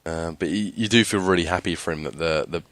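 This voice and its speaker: A man co-hosts a podcast in a casual discussion, his voice low with a fairly bright tone. He talks fast, yet sounds easygoing and hesitant, with lots of fillers.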